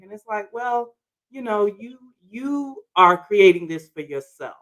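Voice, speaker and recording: Lively podcast co-host who laughs easily. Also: mid-range voice, a little slow, low-quality recording. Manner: lively, laughs often, affirms with "that's right". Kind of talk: casual conversational talk.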